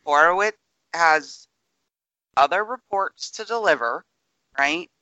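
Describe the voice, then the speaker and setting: Smooth, bright-toned man explaining calmly. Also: a little high, no room sound, muffled recording. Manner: measured, explanatory, hedging with ums. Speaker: podcast co-host. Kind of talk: casual political chat.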